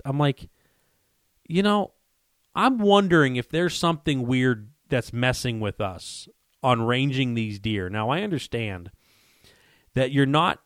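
A man's voice: medium pitch, no echo, clean studio sound. A man telling a story in casual conversation, acting out quoted dialogue with frequent restarts and repeated words. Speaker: guest telling a hunting story.

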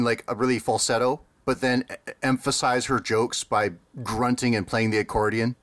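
A man co-hosting a casual podcast chat, rambling and amused, with many fillers and quick laughs. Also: mid-range voice, level tone, fairly bright tone. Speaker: podcast co-host.

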